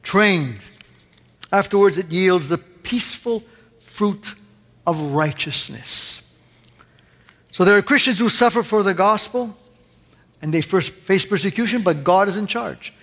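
A man's voice: unhurried, pauses often. Impassioned preacher man in an echoing hall. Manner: impassioned, swings from loud emphatic cries to low quiet asides. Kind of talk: sermon. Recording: long reverb of a large hall.

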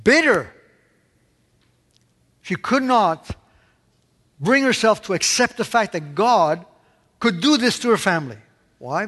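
Male pastor, sermon and prayer, emphatic with hushed dips, slightly high voice, long church reverb. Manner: emphatic, swings between loud stresses and hushed asides.

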